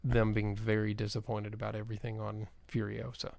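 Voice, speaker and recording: A man's voice: lowish voice, completely flat delivery, brisk, gravelly, a little mellow, dry recording. A man co-hosting a casual movie podcast, reading off figures in a matter-of-fact way. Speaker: podcast co-host.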